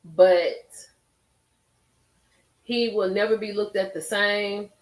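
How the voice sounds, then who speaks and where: A woman's voice: medium pitch, steady tone, slow pace. A woman hosting a casual live stream, reacting expressively and talking straight to her chat. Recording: roomy echo.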